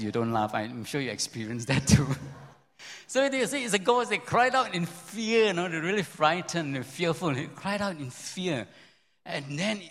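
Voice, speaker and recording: A man preaching a sermon as a pastor, telling the story in an animated way with many repeats and sudden jumps up in pitch. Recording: long hall reverb.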